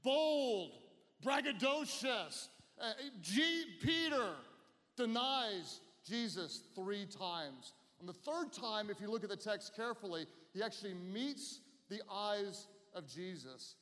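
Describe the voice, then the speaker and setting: High-voiced animated male preacher. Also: slow. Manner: animated, leads call-and-response. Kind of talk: sermon. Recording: long hall reverb.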